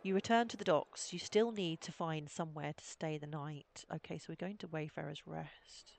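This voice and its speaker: Lady streamer reading a game out loud, joking little asides, laughs at the dialogue. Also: sits low, fairly even intonation, moderate pace, creaky.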